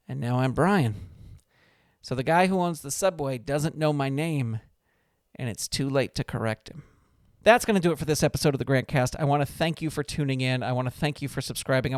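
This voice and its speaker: A man's voice: fairly high pitch, no echo, clean studio sound. A man hosting his own podcast, telling a story in a chatty, rambling way that stops and restarts often. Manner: rambling, self-interrupting, chatty. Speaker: podcast host. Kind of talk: casual storytelling monologue. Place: small recording studio.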